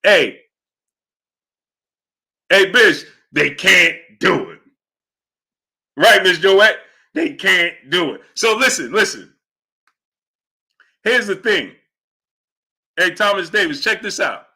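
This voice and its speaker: A young man hosts a live boxing stream, talking emphatically and repeating lines for effect. His voice sits a little high and sounds bright and forceful. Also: expressive, slow pace, long pauses, husky. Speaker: boxing livestream host. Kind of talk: live stream chat, reading Super Chats.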